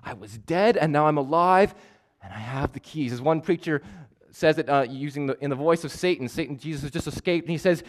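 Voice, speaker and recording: A male preacher delivering a sermon, emphatic and measured, repeating key phrases for weight. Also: a little high, animated. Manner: measured, stretches words for stress.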